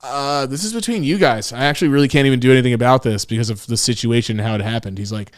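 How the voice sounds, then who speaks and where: A podcast co-host with a mid-range voice talks rapid-fire, captured in clean, echo-free studio sound. He tells stories casually and animatedly, swearing a lot and acting out quotes.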